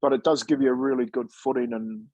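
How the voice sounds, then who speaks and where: A man's voice: medium pitch, fairly even intonation, quick pace, mellow, dry recording, rough recording. A man in his fifties from New Zealand, a former player and coach, telling stories in a laid-back, chatty way and calling people "mate". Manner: laid-back, chatty, says "mate" often, acts out quoted dialogue. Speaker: former rugby league player and coach, guest. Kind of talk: casual storytelling interview.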